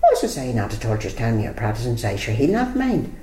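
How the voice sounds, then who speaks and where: Older woman, deep mellow voice, chatty interviewee reminiscing in a roomy space. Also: fast, slight background noise. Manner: chatty storyteller, lively retelling of conversations. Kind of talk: casual reminiscing. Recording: roomy echo.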